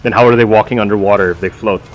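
A man's voice: lowish voice, fairly even intonation, very fast, a little hiss or hum. A man joking and swearing casually while playing a game with friends. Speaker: game player. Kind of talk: casual gaming chat.

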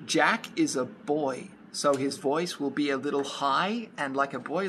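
A storyteller explaining how to read a fairy tale aloud, then reading it, in a slow, deliberate manner. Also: medium pitch, a bit bright, slight background noise.

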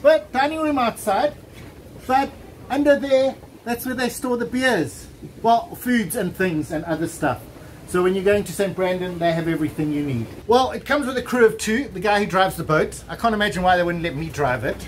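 A man's voice: high voice, normal speed, rough recording. A man vlogging casually while touring boats, chatty and joking, thinking aloud as he walks. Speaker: travel vlogger. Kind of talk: casual chat. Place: outdoors at a busy waterfront boat show. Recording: faint background noise.

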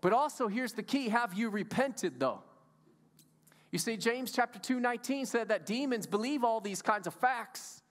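High-voiced preaching pastor, man. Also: a bit bright, in a large hall. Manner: conversational, emphatic preaching with rhetorical questions. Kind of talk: sermon. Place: church sanctuary.

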